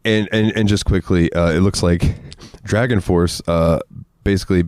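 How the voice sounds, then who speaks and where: A very low-voiced man chatting on a podcast, loose and rambling, with easy laughs and casual swearing. His voice sits close and dry, with almost no room around it. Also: steady tone, moderate pace, darkish tone, no echo. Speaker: podcast co-host.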